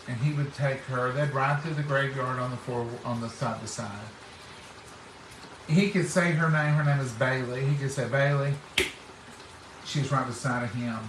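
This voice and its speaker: With a mid-range voice, a middle-aged man tells homespun stories in relaxed conversation, folksy and fond of acting out what others said. The recording is roomy and distant-miked, with a noisy background.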